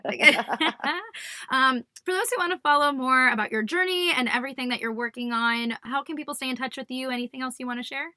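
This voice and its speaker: A woman's voice: sits high, brisk, pushed and bright, dry recording, studio quality. A woman hosting a podcast, interviewing her guest attentively and laughing often, with playful puns. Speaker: podcast host.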